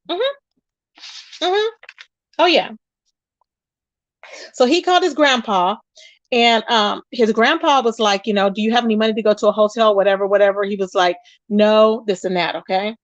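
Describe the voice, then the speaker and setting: Woman doing casual commentary, aave, talks right to chat, kinda high voice, real dry. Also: no room sound, highs cut off. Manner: animated retelling, quotes others in raised voice, addresses viewers directly. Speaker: commentary channel host.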